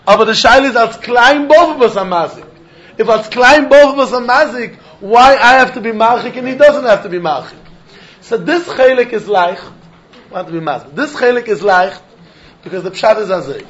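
A man teaching a Talmud lesson, lively and questioning, mixing in Yiddish and Hebrew terms. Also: high voice. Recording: dull lo-fi recording.

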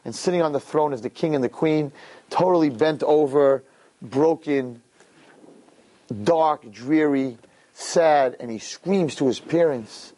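A man telling a parable in a sermon, animated and building to impassioned peaks. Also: on the high side, a little slow. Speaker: religious teacher. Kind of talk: sermon storytelling.

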